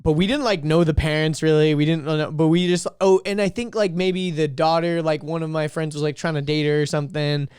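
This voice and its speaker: A man's voice: fairly high pitch, fairly even intonation, a little fast, hardly any pauses, a little mellow, smooth, no echo, clean studio sound. A man co-hosting a podcast, telling a rambling story in casual chat. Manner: rambling, self-correcting storyteller. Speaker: podcast co-host.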